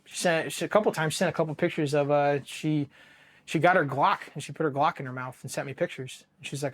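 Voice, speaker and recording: A man's voice: fairly high pitch, fairly even intonation, fairly quick, a bit bright. A man in his thirties from Ohio with an American accent, recounting his own story as an interview guest in a blunt, profane way, with many restarts and lines of quoted dialogue. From Ohio, United States. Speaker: Marine veteran guest.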